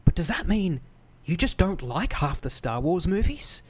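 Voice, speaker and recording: A man with a slightly high voice co-hosting a casual podcast. He talks bluntly and makes opinionated points, with casual swearing sprinkled in. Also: very animated, normal speed, slightly rough. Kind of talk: casual chat.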